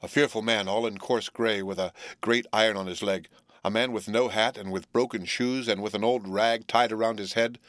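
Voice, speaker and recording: A man narrating a classic novel as an audiobook, with a measured, deliberate reading. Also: on the low side, fairly even intonation, fairly bright tone, no room sound, clean studio sound.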